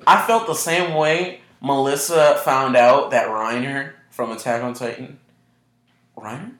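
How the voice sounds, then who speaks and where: A man's voice: mid-range voice, steady tone, unhurried, a bit bright. A man co-hosting a casual chat with friends, rambling and teasing and stumbling over his words. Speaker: podcast co-host. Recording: roomy echo.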